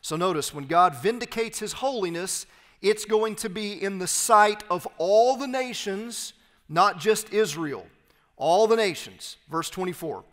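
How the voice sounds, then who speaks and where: High-voiced pastor preaching in a reverberant hall. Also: male voice, fairly bright tone. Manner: reads scripture aloud, then explains it with emphatic, slowed phrases. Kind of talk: expository sermon. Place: church sanctuary.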